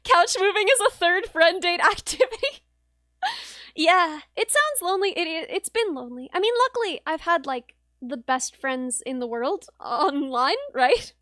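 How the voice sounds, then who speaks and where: A woman's voice: very high-pitched, animated, moderate pace, sharp tone, no echo, studio quality. A young woman streamer telling a rambling, wry story in casual chat, with lots of fillers. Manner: chatty, rambling, wry, with laughs and many fillers. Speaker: vtuber streamer.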